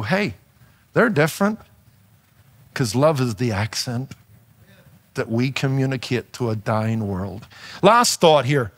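A middle-aged man with an Irish accent preaching a sermon in a conversational way, with rhetorical questions and light humor. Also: mid-range voice. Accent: Northern Irish. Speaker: pastor.

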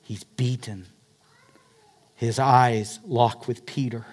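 A man preaching a sermon, retelling a story dramatically, swinging between loud emphatic peaks and hushed, quiet passages. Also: mid-range voice, a little slow, long pauses. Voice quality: dramatic storyteller, rising to near-shouts then dropping to hushed tones. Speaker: pastor.

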